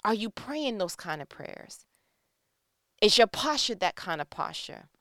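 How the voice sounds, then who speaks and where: A woman preaching a sermon, emphatic and conversational, asking rhetorical questions and swinging between loud calls and hushed tones. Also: medium pitch, big pitch swings, a little slow, no echo, clean studio sound.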